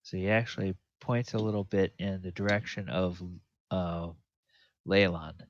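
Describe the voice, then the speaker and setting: A man narrating as the dungeon master, slow and drawn out, with many fillers. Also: low-pitched, steady tone, dry recording, dull audio. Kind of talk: narrating a tabletop game.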